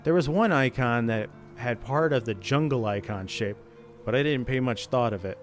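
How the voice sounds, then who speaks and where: A man's voice: medium pitch, normal speed, soft background music. Man casually reading a creepy story. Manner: reads steadily, breaks off to joke and laugh. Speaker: channel host reading creepypasta. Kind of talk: casual read-aloud of a horror story.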